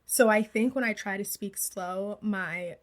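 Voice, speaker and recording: Fast-talking young woman podcast co-host. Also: mid-range voice. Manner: fast-talking, trying to slow down. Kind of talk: casual chat.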